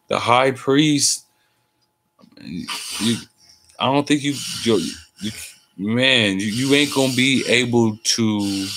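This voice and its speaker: A man's voice: on the low side, fairly bright tone, slight background noise. A tired man talking in a casual, rambling monologue, cursing freely and using street slang. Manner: profane, meandering, street slang. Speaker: host.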